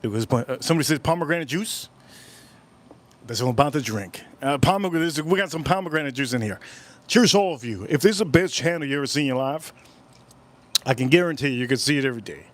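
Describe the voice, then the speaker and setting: A man's voice: medium pitch, expressive, quick pace. A man hosting a casual livestream, rambling and repeating his phrases as he chats with viewers at home. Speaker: livestream host.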